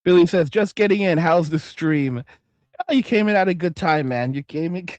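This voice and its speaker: New guy streaming, high voice, dry sound, cussing and rambling through chat comments. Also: normal speed, a little mellow, no echo, highs cut off. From New York. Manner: profane, rambling, emphatic repetition. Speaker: livestream host. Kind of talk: casual livestream chat reading comments.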